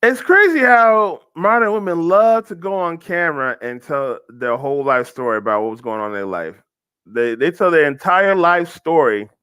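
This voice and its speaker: Bright-voiced man telling a rambling story. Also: on the high side, clear, resonant tone, dry recording, clean studio sound. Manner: rambling storytelling with frequent restarts. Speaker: host. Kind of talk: casual commentary on videos.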